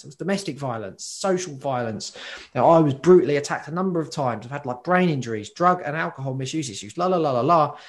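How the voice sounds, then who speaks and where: A man in casual chat, talking as an occupational therapist, animated and prone to tangents. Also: a little high.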